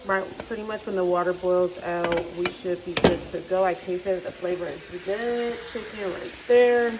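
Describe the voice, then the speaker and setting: A woman talking casually to her viewers in a relaxed, rambling vlog, narrating what she is doing as she goes. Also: on the low side, normal speed, very noisy. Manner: chatty, talks straight to viewers, relaxed and rambling. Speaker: lifestyle vlogger. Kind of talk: casual vlog chat to camera.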